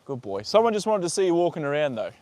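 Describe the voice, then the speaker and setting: Guy chatting on a phone livestream outside, slightly high voice, dry close sound, lots of um and uh. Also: sing-song, quick pace, a little mellow, no echo. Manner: rambling and easygoing, with many fillers. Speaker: livestream host. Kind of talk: casual live-stream chat reading viewer comments. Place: outdoors with a horse. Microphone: phone on a tripod.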